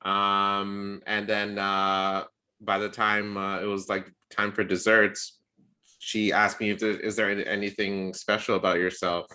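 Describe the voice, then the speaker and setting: Bright-voiced man telling a dating story. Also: a little slow, clean tone. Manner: animated storyteller, acts out quotes with rising pitch. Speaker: podcast co-host. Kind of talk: casual storytelling chat.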